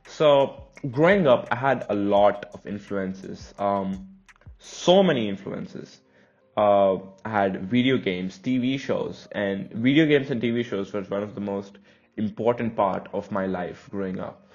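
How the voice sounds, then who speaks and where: A young man from India hosts a casual solo podcast, speaking with an American-leaning accent. He talks in a chatty, rambling, self-conscious way, his voice sitting fairly low. The recording sounds a bit dull and lo-fi. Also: measured pace, darkish tone. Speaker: podcast host.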